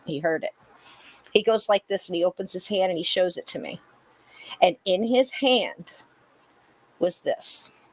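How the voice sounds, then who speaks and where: A woman hosting a podcast, telling a personal story in a lively way and acting out the dialogue. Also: on the low side, unhurried, long pauses, no room sound. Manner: animated, acts out dialogue with laughs. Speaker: podcast host. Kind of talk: casual storytelling chat.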